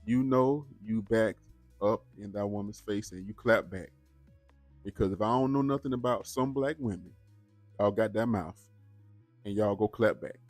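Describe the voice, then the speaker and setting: A man's voice: lowish voice, normal speed, a little mellow, no echo, soft background music. A man hosting a reaction channel, talking casually and straight to his viewers, often repeating words as he goes. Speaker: host of a bodycam reaction channel.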